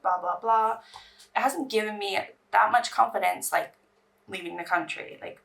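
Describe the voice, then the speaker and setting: Woman doing a grwm makeup vlog, rambly and anxious, bit of fry, mic kinda far off. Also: medium pitch, a bit bright. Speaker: beauty vlogger. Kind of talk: casual get-ready-with-me chat.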